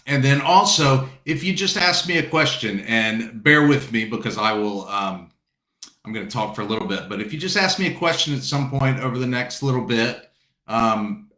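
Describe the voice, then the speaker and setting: A man's voice: lowish voice, sharp tone, echoey room. A man from South Carolina hosting a casual book launch video call, greeting viewers by name and chatting in a rambling, friendly way. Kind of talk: casual chat.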